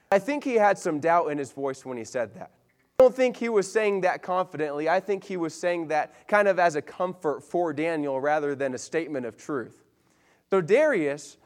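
A young man preaching a casual, animated sermon to a youth group, acting out quotes as he tells the story. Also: high-pitched. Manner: animated storytelling with voiced quotes, then playful banter. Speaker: youth pastor.

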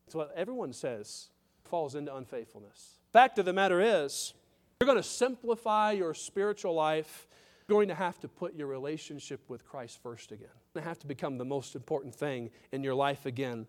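A man's voice: fairly high pitch, lively intonation, moderate pace. A man pastor preaching a sermon, emphatic, with repetitions and direct questions to the congregation.

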